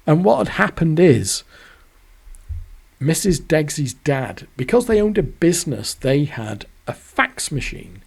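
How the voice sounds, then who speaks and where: A man's voice: fairly high pitch, very animated, a little slow, vocal fry, darkish tone, husky. A man, telling a rambling, sweary personal story. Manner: rambling, sweary, self-deprecating. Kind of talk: casual storytelling monologue.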